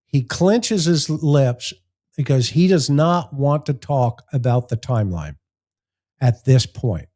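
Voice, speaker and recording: A man's voice: medium pitch, expressive, slow pace, mellow. A man, a former investigator hosting a show, giving plain-spoken commentary on press conference clips and walking through his points one by one. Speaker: host analyzing press conference footage. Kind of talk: commentary with acted-out anecdotes.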